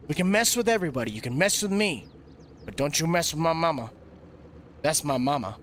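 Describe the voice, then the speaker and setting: Man, young adult, game streamer, rambling jokey chatter, a bit higher voice. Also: fairly bright tone, slight background noise. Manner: rambling, jokey, laughs often. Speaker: live-streamer playing a farming game. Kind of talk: casual gameplay chatter.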